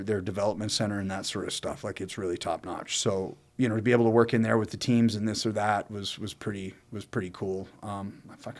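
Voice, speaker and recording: Low-voiced man rambling through a story. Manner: rambling and profane, with many fillers and restarts. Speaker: co-host telling his own story. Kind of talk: casual storytelling chat.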